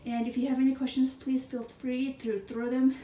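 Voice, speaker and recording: Chatty out of breath lady vlogging her bedroom, kinda high voice, echoey room. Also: flat delivery, moderate pace, warm tone. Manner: bubbly and chatty, jokey asides. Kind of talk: casual chat to viewers. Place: bedroom indoors. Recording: echoey room, faint ambient noise.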